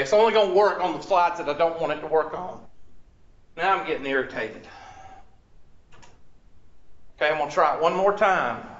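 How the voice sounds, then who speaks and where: A man's voice: high voice, fairly bright tone, reverberant, dull audio. A man teaching a class, quizzing the students and repeating their answers, with chatty asides to himself about the equipment. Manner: chatty, talks to himself over tech trouble. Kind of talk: classroom lecture.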